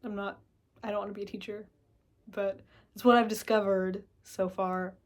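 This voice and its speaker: A woman's voice: mid-range voice, little pitch movement, normal speed. A woman talking casually to the camera in a rambling, reflective monologue. She curses freely and sometimes acts out her own inner voice. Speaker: vlogger.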